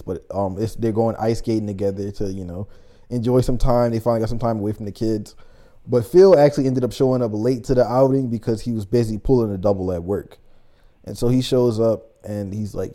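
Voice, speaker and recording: A young man co-hosting a podcast, casually and animatedly retelling a play he acted in, with lots of "like" fillers. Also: fairly low pitch. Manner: animated storyteller, many "like" fillers. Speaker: podcast co-host. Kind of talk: casual chat, recapping a play.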